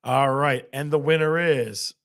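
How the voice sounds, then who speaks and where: Gravelly man hosting a laughing quiz show. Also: medium pitch, steady tone, unhurried, fairly bright tone. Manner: laughs often at his own jokes; game-show countdowns and repeated prompts. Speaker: host.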